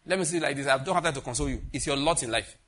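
A man preaching a sermon as pastor, repeating phrases and swinging between loud and hushed delivery. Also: a little high, rapid-fire.

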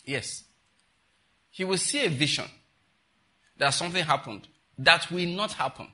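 Pastor preaching a sermon, man, very bright forceful voice, repeats phrases, scolds the congregation. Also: a little high, lively intonation, a little slow.

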